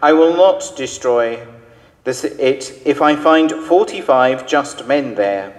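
A man reading the part of God, giving firm, measured replies in a church. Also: mid-range voice, lively intonation. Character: God answering with calm, firm mercy. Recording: reverberant church hall.

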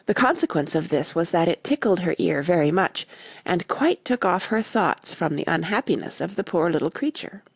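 A woman reading a classic storybook aloud as an audiobook narrator, expressive and animated. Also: on the low side, normal speed, creaky, slightly rough, no echo, studio quality.

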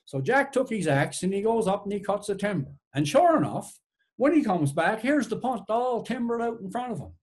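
Lively folksy Newfoundland storyteller, a man. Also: high voice, moderate pace. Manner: folksy, rhythmic, repeats "she said" and "sure enough". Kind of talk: oral folk tale telling.

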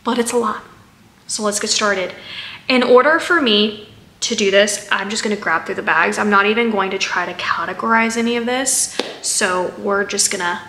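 A woman's voice: mid-range voice, pushed and bright, reverberant. A woman chatting casually through a haul vlog, rambling with fillers and asides as she sorts items. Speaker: haul vlogger.

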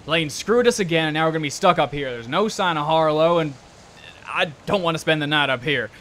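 A man voicing a gruff, frustrated grown man who swears and complains. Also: a little high, fairly quick, sharp tone, slight background noise. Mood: exasperated. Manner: gruff, cursing, exasperated.

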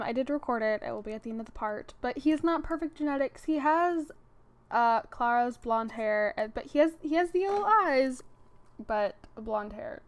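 A young woman talks through her game in a loose, chatty way, rambling from one thought to the next and often laughing. Her voice is smooth and clear and sits a little higher than most. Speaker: gaming channel host. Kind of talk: casual game commentary.

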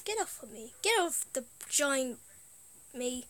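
A gaming video host offers casual gameplay commentary, rambling and easily amused, her thoughts often trailing off. Her high, bright voice has lively intonation and an unhurried delivery, recorded close and dead dry with no room sound.

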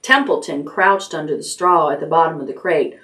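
A woman librarian reading a children's chapter book aloud at bedtime, gently, raising her voice for the characters' lines. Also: moderate pace. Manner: gentle storytelling, lifts pitch for character lines.

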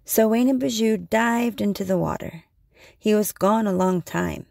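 A woman reading a storybook aloud in a slow, measured way. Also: medium pitch, vocal fry, mellow, no room sound, clean studio sound.

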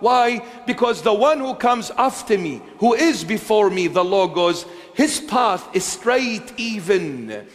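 A bishop preaches a sermon in a church, repeating phrases emphatically and swinging between hushed, intimate lines and raised ones. His high male voice is expressive and slow, with few pauses and a long reverb tail.

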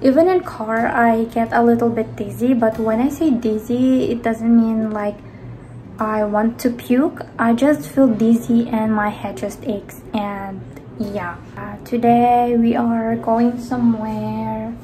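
A young woman from the Philippines vlogging casually at home, rambling and chatty, often trailing off softly. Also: a little high, steady tone, slow, soft background music. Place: indoors at home.

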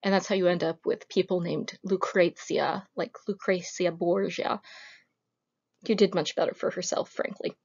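A woman's voice: on the low side, fairly even intonation, moderate pace, a little mellow, husky. Woman teaching history, chatty and wry, kinda muffled lo-fi recording. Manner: informal, wry asides, retells scenes with acted quotes. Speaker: history lecturer. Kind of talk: recorded lecture, casual and conversational. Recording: slightly dull lo-fi audio.

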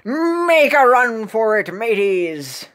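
A woman voicing a boastful male cookie pirate captain, drawling slowly with pirate arrs while reading game cutscenes. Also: on the high side, big pitch swings, pitched above the performer's own voice. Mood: swaggering. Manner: slow growling pirate talk with arrs.

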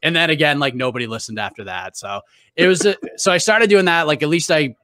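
A man's voice: on the high side, very animated, fairly quick, fairly bright tone, no echo. A man with a Boston accent, a guest on a podcast, telling stories in a chatty way with lots of restarts and fillers. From New England, US. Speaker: guest, MMA reporter. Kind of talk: casual podcast interview.

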